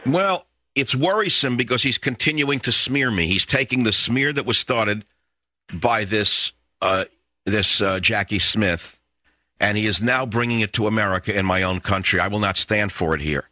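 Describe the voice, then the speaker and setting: A man's voice: lowish voice, moderate pace, bright, forceful tone, no room sound. Furious man ranting on talk radio. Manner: indignant, taunting, repeating insults. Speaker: radio talk show host. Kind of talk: angry radio monologue. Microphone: studio microphone.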